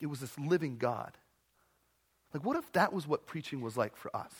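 Young man, pastor, casual animated sermon, slightly high voice, playful voices. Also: normal speed, slightly rough. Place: church in front of a congregation.

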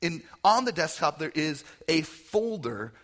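A man preaching a conversational sermon, animated, often acting out quoted voices. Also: on the high side, unhurried. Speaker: pastor.

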